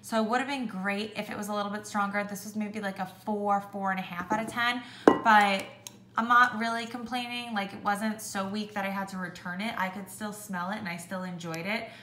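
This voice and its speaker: A young woman chatting casually through a product review, with lots of "like" and an animated way of telling stories. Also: medium pitch, a little fast, background noise. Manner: chatty, heavy use of "like", animated when ranting. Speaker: beauty vlogger. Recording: echoey room.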